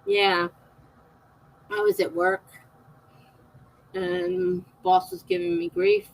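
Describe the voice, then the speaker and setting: A woman's voice: medium pitch, big pitch swings, slow pace, creaky, slight background noise, rough recording. A middle-aged woman hosting a live stream, chatting casually with viewers, laughing often and reading out their comments.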